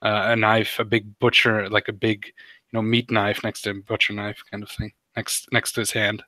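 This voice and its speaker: A young man running a tabletop game, rambling casually through his scene descriptions with plenty of fillers. His voice is very bright and sharp, recorded dry and close. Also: lowish voice, level tone, normal speed, no echo, low-quality recording. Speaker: game master.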